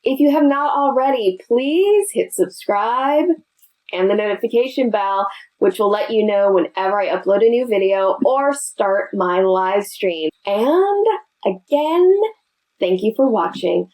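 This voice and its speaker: A woman's voice: mid-range voice, lively intonation, measured pace, a little mellow, low-quality recording. Chatty woman hosting a knitting tutorial. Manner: chatty and friendly, addresses viewers directly. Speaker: knitting video host.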